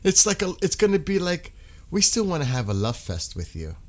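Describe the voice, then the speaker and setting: A man's voice: high voice, huge pitch swings, a little fast. Giggly man rambling on a live stream. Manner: laughing, rambling, breaks into sung snippets. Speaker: livestream host. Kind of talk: casual live-stream chat.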